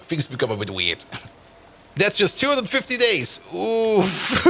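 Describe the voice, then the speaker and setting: A man's voice: sits high, huge pitch swings, takes it slowly, fairly bright tone, breathy edge. A man streaming a game live, chatting casually with his viewers and laughing often.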